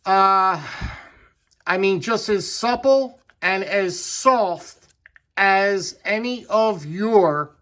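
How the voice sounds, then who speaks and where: A man with a rather high voice walks through a hands-on demonstration. His talk is folksy and unpolished, and he says words twice or three times to drive a point home. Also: slow, bright, forceful tone. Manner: folksy, repeats words for emphasis. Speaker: knife channel host.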